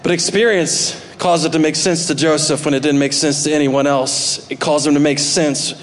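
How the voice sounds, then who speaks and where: Animated high-voiced male preacher. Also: moderate pace. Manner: animated, swinging between loud emphatic bursts and soft asides. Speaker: pastor. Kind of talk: sermon. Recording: long hall reverb.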